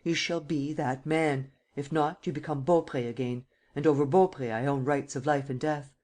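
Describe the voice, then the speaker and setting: Woman reading as a hard, bossy nobleman, low voice, pushing his orders with real force. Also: steady tone, normal speed. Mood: vehement commanding. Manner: vehement, forceful commands. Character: commanding ruthless nobleman, forceful and implacable.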